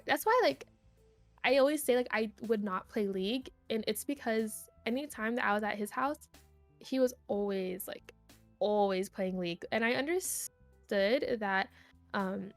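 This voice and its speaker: A woman's voice: on the high side, unhurried, dry recording, faint music behind. A young woman, a streamer guest on a podcast, rambling through a personal story and filling it with "like". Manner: rambling, heavy use of "like", animated retelling. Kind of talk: casual storytelling chat.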